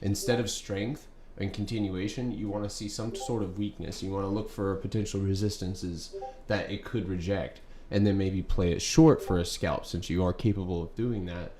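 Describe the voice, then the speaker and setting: A man's voice: deep voice, steady tone, moderate pace, mellow. A man casually talking through stock trades as a streamer, loose and full of fillers. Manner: loose and filler-heavy, restarts often. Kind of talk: casual trading talk. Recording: echoey room, faint background noise.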